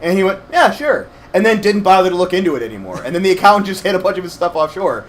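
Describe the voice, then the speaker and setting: A young man co-hosting a game playthrough, rambling through animated stories with lots of fillers. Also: high-pitched, racing. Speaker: let's play co-host. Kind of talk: casual gaming chat.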